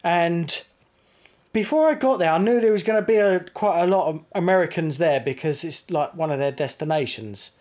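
A man's voice: fairly high pitch, animated, normal speed, darkish tone. An English man co-hosting a casual podcast, chatty and jokey, laughing often. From England. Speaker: podcast co-host. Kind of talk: casual chat.

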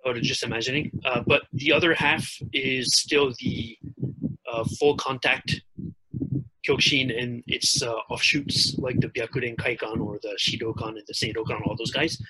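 A man's voice: medium pitch, fairly even intonation, moderate pace, sharp tone, slightly rough. A man being interviewed as a guest, explaining at length with many hesitations. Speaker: guest, karate practitioner. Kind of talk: casual interview talk. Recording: noisy background.

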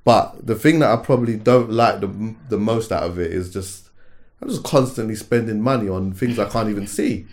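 A man, co-hosting a podcast in expressive casual chat, swearing freely. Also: fairly low pitch, moderate pace. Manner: expressive, swearing, laughing reactions. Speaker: podcast co-host.

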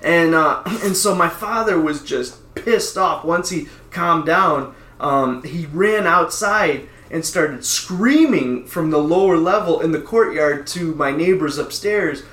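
A man's voice: a little high, slow, hardly any pauses, a bit bright. A middle-aged man casually telling a rambling anecdote, with frequent restarts. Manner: rambling, many restarts and laughs. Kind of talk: casual storytelling. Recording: roomy echo.

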